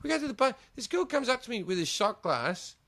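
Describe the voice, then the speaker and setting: Animated, swearing man telling stories. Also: very high-pitched, fairly quick, creaky, dry recording. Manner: profane, laughing, acts out voices in anecdotes. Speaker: guest comedian. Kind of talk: animated storytelling chat.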